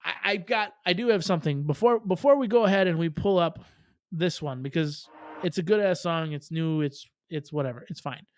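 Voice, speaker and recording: A man's voice: fairly high pitch, a little fast. A man hosting a casual livestream, rambling with profane jokes and laughing asides. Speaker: livestream host.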